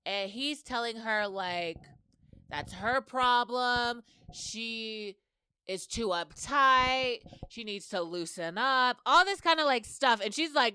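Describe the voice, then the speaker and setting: A woman's voice: on the high side, expressive, slow, bright, forceful tone, clear, resonant tone, dry recording, studio quality. A woman hosting a podcast, chatting casually as she retells a story and slips into quoted dialogue. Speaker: podcast host. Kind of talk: casual episode recap.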